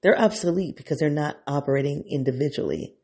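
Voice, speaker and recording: This fast-talking podcast host muses without a script, getting excited, starting over, and looping back to earlier thoughts. Though pitched somewhat high for a man, his voice sounds dark and mellow, roughened by a husky, gravelly texture.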